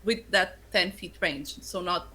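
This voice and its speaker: A woman playing in a casual tabletop game, calling out her attacks in a relaxed, plain-spoken way. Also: lowish voice, unhurried, a crowd in the background. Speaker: player.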